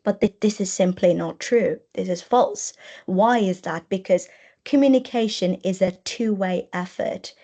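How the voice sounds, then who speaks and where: A webinar presenter speaks in an unhurried, mid-range voice with a dark tone, picked up by a computer mic on a video call. She explains her lecture material, often repeating and rephrasing her points.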